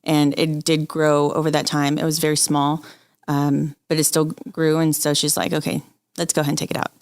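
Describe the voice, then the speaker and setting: A woman's voice: low-pitched, level tone, moderate pace, a little mellow, dry recording, studio quality. A woman in her forties, an interview guest, telling her personal story openly and with feeling. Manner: candid, open, quotes people she talks to.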